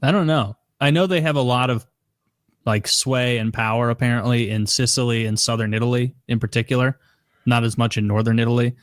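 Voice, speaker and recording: A man's voice: medium pitch, fairly even intonation, a little fast, no echo, clean studio sound. A man co-hosting a podcast in a loose, laid-back casual chat. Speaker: podcast co-host.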